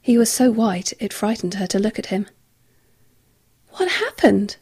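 A woman narrating an audiobook with a measured, quietly tense delivery. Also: medium pitch, steady tone, slightly rough.

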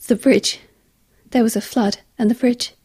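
A woman's voice: a little high, fairly even intonation, unhurried, dark tone, slightly rough. A woman voicing a frantic, breathless young male crew trainee who stammers in shock. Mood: panicked.

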